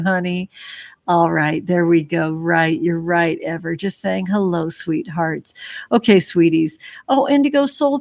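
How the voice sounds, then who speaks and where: A woman hosting a relaxed livestream, speaking slowly and lovingly as she reads out chat names. She showers viewers with sweeties and sweethearts, and drops a casual swear now and then. Her pitch sits in an ordinary middle range. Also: dry recording. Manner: gushing, affectionate, calls viewers sweetie. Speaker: livestream host reading chat.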